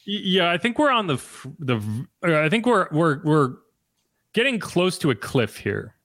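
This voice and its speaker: A man's voice: fairly high pitch, sing-song, normal speed, fairly bright tone, no room sound, studio quality. A man hosting a sports podcast, talking loosely and conversationally with frequent restarts. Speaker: podcast host and sports reporter. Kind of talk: casual sports podcast chat.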